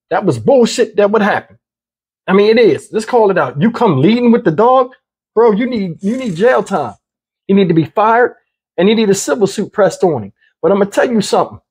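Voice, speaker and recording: Man, high voice, husky, blunt casual commentary, repeats himself. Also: darkish tone. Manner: conversational, blunt, repeats points.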